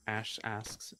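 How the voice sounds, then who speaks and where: A man's voice: on the low side, a bit bright, slight background noise. A man co-hosting a live stream, playfully reading chat messages aloud and laughing often.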